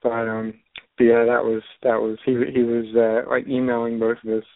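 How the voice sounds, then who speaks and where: A woman co-hosting a radio talk show, giving brief, relaxed replies in casual chat. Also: extremely low pitch, moderate pace, no echo. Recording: dry, tinny phone-like line.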